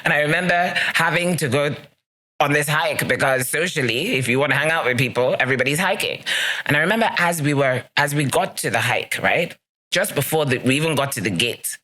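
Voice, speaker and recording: A woman's voice: deep voice, bright, forceful tone. A woman hosting a solo podcast, talking earnestly and emphatically, repeating key phrases as she gives encouragement to listeners. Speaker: podcast host. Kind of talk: solo motivational podcast talk.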